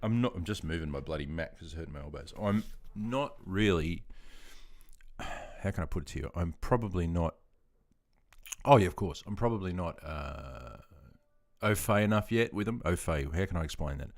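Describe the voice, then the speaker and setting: A man's voice: sits low, animated, normal speed. An Australian man in his fifties, chatting in a rambling, self-deprecating way while reading out chat on a gaming live stream. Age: 50s.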